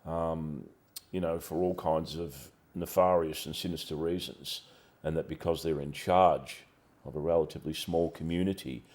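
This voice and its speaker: A man with a very low voice hosts an interview. He speaks in careful, well-chosen phrases, laying out his points deliberately. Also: steady tone, a little mellow. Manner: measured, deliberate, articulate. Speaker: interviewer, show host. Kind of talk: interview questions and commentary.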